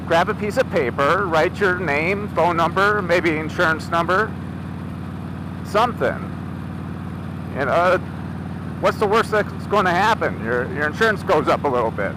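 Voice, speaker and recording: A man's voice: high-pitched, lively intonation, unhurried, pauses often. A man vlogging outdoors, animatedly retelling a confrontation and acting out both sides. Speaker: motorcycle vlogger. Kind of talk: casual storytelling. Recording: noisy outdoor recording.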